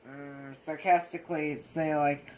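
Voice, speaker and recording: A young man talking in a slow, unhurried way. He chats casually and haltingly, often stopping to search for words and restarting his sentences. He speaks as a co-host recounting his own experience. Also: on the high side, steady tone, a little mellow, a little hiss or hum, low-quality recording. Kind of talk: casual chat.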